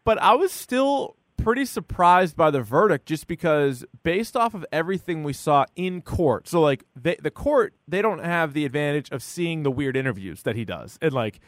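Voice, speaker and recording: A man's voice: fairly high pitch, big pitch swings, normal speed, hardly any pauses, no room sound, clean studio sound. A man co-hosting a podcast, chatting casually and acting out what people said, with lots of "like". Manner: chatty, peppered with "like", acts out quotes. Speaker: podcast co-host. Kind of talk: casual chat about a true-crime series.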